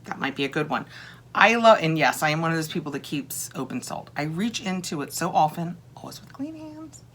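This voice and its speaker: Woman, casual unboxing chat, gushing, slightly low voice. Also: lively intonation, fairly quick, a bit bright, slight background noise. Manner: gushing, chatty, thinks aloud. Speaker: home decor unboxing vlogger.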